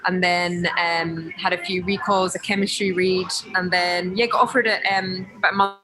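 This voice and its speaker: A woman with a Scottish accent, an actress talking reflectively in a video-call interview, with many ums and pauses. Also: lowish voice, fairly even intonation, crowd noise, poor audio. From Scotland.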